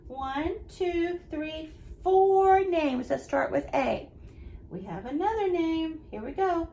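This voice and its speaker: High-voiced cheerful teacher woman. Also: vocal fry, darkish tone. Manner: slow, cheerful, talking to children. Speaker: preschool teacher. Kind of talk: remote lesson for young children.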